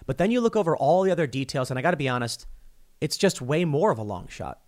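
A man hosting solo political commentary, talking in an animated, self-interrupting way. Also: a little high, fast talker. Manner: animated, self-interrupting, mocking quoted voices.

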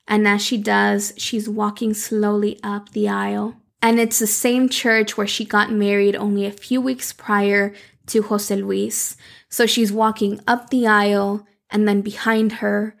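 A woman hosting a podcast, recapping a story in a chatty, expressive way and slipping in Spanish words. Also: medium pitch, creaky. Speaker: podcast host.

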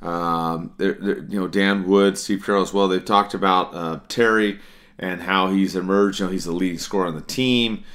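A man's voice: deep voice, steady tone, moderate pace, a bit bright. A man hosting a sports podcast, talking casually with frequent fillers and restarts. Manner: conversational, many fillers and restarts. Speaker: podcast host.

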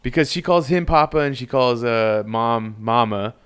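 Man, podcast co-host, casual chat, smooth clear voice, rambling, laughs a lot. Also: mid-range voice, moderate pace, a bit bright. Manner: rambling, self-correcting, laughs often.

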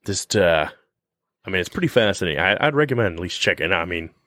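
Animated rambling man, lively pitch. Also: fast talker, no room sound, studio quality. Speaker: podcast co-host. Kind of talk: casual chat.

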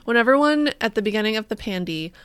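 A woman's voice: on the high side, animated, fast talker, a bit bright, clear, resonant tone, no room sound. A woman co-hosting a podcast, riffing in a bubbly, goofy, exaggerated way in casual chat. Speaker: podcast co-host.

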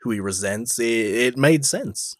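A man's voice: medium pitch, animated, measured pace, no echo, studio quality. A man co-hosting a podcast, casually discussing a film in a thoughtful, slightly hesitant way. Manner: thoughtful, hesitant, repeats words as he starts. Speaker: podcast co-host. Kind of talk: casual film review chat.

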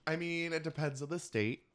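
A man hosting a casual podcast chat, campy and animated, telling stories with lots of laughter while eating. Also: fairly high pitch. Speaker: podcast host. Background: eating while talking.

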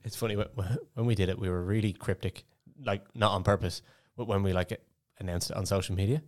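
Young Irish bloke, podcast co-host, low voice, laughs easily while telling stories. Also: male voice, fairly even intonation, a little fast, a little mellow. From Ireland. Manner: laughing, swearing, storytelling. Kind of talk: casual chat.

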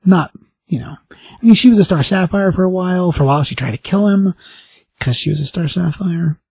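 Husky-voiced man recapping a comic. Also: high-pitched. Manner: animated storytelling, acting out dialogue in quick voices. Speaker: podcast host. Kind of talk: casual comic book recap.

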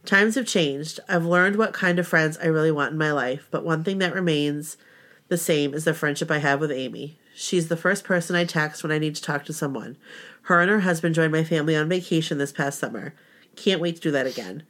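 Woman, middle-aged, low pitch, sincere, reading aloud, podcast co-host. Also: fairly quick, a bit bright. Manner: sincere, heartfelt. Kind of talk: reading a personal story aloud.

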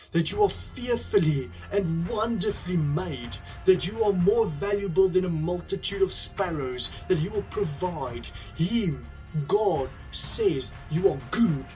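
A man giving an earnest, conversational devotional talk, telling a parable and then drawing a lesson from it. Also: fairly high pitch. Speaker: speaker sharing a devotional message.

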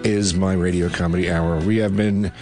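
An older man with a very low, deep voice, hosting a comedy radio hour close on a studio mic. He rambles through stories loosely, laughing as he goes. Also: steady tone, normal speed, over music. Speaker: comedy radio show host. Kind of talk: casual comic storytelling on radio. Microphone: studio microphone.

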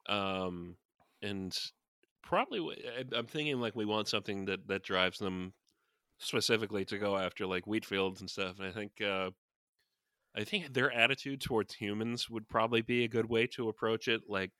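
Male co-host, casual brainstorm, rambling; low pitch, bright tone. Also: normal speed, no room sound, studio quality. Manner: rambling, many fillers and restarts. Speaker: podcast co-host.

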